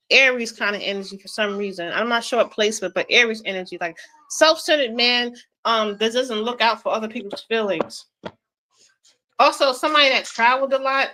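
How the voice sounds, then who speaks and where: A woman's voice: on the high side, pushed and bright, low-quality recording. A woman giving a casual tarot reading in a chatty, informal way. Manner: giggly, keeps breaking into laughter and apologizing; chatty, informal speech with fillers. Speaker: tarot reader.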